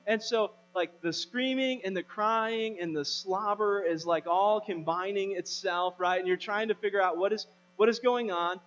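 A man's voice: high-pitched, unhurried, a bit bright. Man, pastor, conversational sermon, muffled recording, faint mains hum. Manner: conversational storytelling, rising to emphatic preaching. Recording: dull, hum, long reverb.

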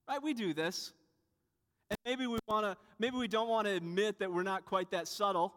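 A man's voice: high-pitched, fairly even intonation, brisk, fairly bright tone. A young man giving a sermon as pastor, conversational with rhetorical asides. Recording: reverberant hall.

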